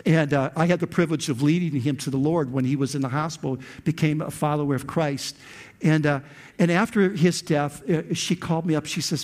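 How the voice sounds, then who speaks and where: Fervent higher-voiced male pastor preaching. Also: a little fast, darkish tone. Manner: preaching with rising intensity, frequent repeated words. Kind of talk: sermon.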